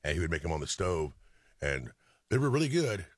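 A man's voice: low voice, big pitch swings, a little fast, breathy edge, dry recording, clean studio sound. A man co-hosting a radio show, chatting in a rambling, loose way and laughing often. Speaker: radio co-host. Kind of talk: casual studio chat.

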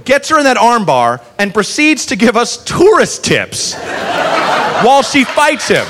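Male stand-up comic, high voice, lively storytelling with crude asides. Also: unhurried, crowd noise. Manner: animated, swearing, laughing asides. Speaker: stand-up comedian.

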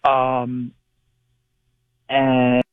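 A man calls in to a radio show and speaks over a narrow, tinny phone line with a dry sound and no room echo. He has a middle pitch and explains things in a measured, patient way. He often stops and restarts his phrases. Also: monotone, clean tone. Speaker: palmistry guest. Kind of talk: call-in radio interview. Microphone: telephone.

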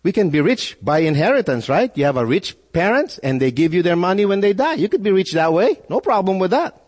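A man's voice: high-pitched, brisk. Male pastor preaching, voice jumping all over, big echoey hall. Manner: animated preaching with repetitions and rhetorical questions. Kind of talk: sermon.

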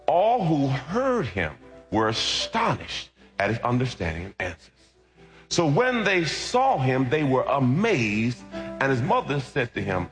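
Lively, humorous male pastor preaching. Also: medium pitch, a little slow. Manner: animated, humorous, calls out to the congregation. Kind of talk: sermon with personal testimony and scripture reading. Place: church. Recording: roomy sound with loud music behind.

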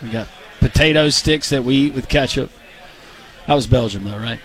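A man co-hosting a radio show in casual banter, joking and animated. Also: mid-range voice. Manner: joking, animated, quick to laugh. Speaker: radio co-host.

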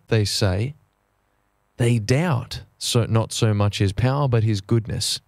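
A man's voice: fairly low pitch, creaky, a little mellow, no echo. Earnest male preacher, dry close sound. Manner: earnest, measured, slows down for emphasis. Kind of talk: sermon.

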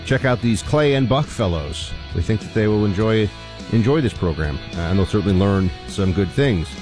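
A man's voice: lively intonation, moderate pace, music in the background. Playful radio co-host man. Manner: playful, teasing, jumps up in pitch. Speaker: radio talk show co-host. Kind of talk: casual on-air banter.

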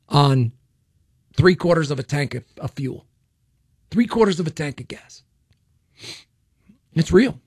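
A man's voice: a little high, darkish tone, no room sound, studio quality. A man hosting a political talk radio show, speaking bluntly and opinionatedly, often restarting and repeating himself. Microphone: studio microphone.

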